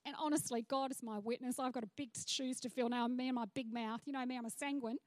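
A woman's voice: a little high, steady tone, fast, a little mellow, dry recording. An Australian woman pastor preaching on a church stage, chatty, with frank asides to the congregation. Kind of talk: sermon.

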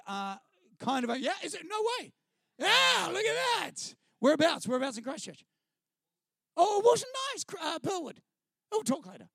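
A middle-aged man from New Zealand with a New Zealand accent, speaking as a guest on a church stage and sharing his testimony in an animated, self-deprecating, chatty way. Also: extremely high pitch, gravelly, dry recording, clean studio sound. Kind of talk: personal testimony storytelling to a live audience. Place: stage before a live audience.

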